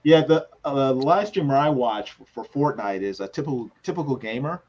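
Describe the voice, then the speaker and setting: A man chatting casually in a laid-back, hesitant way, with many pauses and ums. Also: mid-range voice, lively intonation, darkish tone. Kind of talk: casual chat. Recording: dull lo-fi sound.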